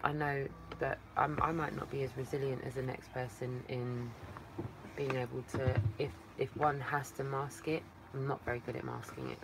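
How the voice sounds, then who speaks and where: Her voice is a bass, level and creaky, at normal speed, with a noisy background. Hosting a relaxed livestream from a phone placed at a distance, this Englishwoman rambles warmly, calls viewers darling, and sounds worn out after a long day of talking.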